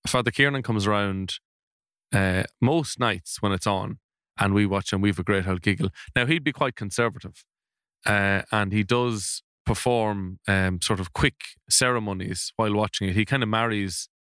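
Deadpan man, low voice. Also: moderate pace, smooth, no room sound, studio quality. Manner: deadpan, absurd. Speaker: comedy panel guest. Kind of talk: deadpan comic banter.

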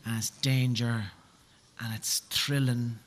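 A man's voice: medium pitch, fairly even intonation, slow pace. A man hosting a chat show, asking curious questions with a jokey edge. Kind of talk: interviewing.

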